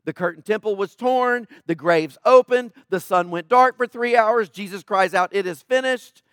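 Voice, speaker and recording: A man's voice: sits high, moderate pace, fairly bright tone, no room sound, clean studio sound. A middle-aged man preaching a sermon in an emphatic, conversational way, often asking questions.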